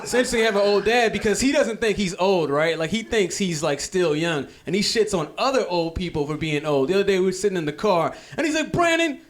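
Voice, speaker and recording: A man's voice: high-pitched, quick pace, hardly any pauses. A man performing stand-up comedy, telling stories in a loose, conversational way. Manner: loose, conversational storytelling with repetition.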